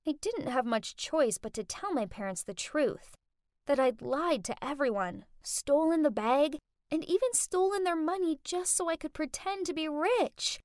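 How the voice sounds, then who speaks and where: Expressive woman narrating a dramatic story. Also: high voice, unhurried, no room sound, studio quality. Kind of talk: scripted first-person narration.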